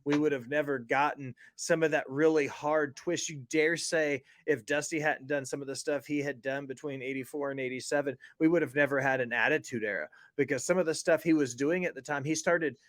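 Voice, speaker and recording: A man's voice: fairly high pitch, steady tone, a little fast, hardly any pauses, fairly bright tone, no echo. A man in a casual podcast chat, talking emphatically with many fillers.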